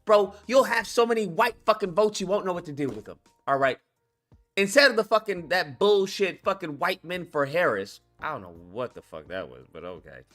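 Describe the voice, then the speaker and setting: A man's voice: high voice, big pitch swings, moderate pace, a bit bright, soft background music. A man hosting a call-in commentary stream, ranting bluntly and swearing heavily. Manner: profane, blunt, exasperated ranting. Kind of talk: casual political commentary.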